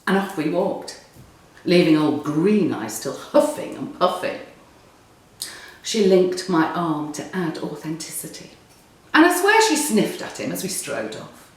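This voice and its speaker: Slow, lively woman storyteller. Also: lowish voice. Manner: wry, conversational storytelling. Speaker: narrator. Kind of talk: storytelling read aloud. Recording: roomy echo, distant mic.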